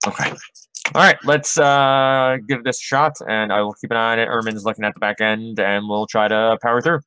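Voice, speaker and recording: A man, a match producer, talking casually offstage in a halting, informal way, thinking out loud. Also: fairly low pitch, steady tone, clear, resonant tone, no echo.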